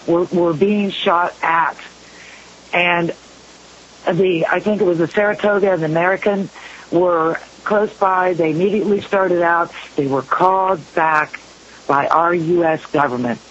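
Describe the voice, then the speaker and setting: A male talk-radio host with a fairly high voice tells his story in an earnest, conversational way. The audio is muffled and lo-fi, with faint hiss underneath. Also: fairly bright tone. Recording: dull lo-fi radio recording with hiss.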